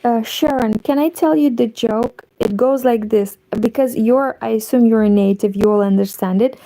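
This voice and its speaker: A woman's voice: on the high side, moderate pace, mellow, low-quality recording. A woman from Moldova, chatting casually on a crochet livestream and greeting viewers as she works.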